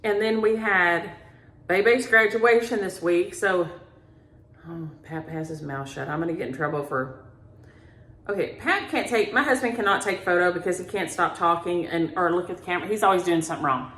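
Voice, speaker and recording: A woman's voice: fairly low pitch, moderate pace, fairly bright tone, a little hiss or hum. A middle-aged woman hosting a cross-stitch vlog, chatting at home in a folksy, storytelling way and calling viewers "y'all". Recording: roomy home recording.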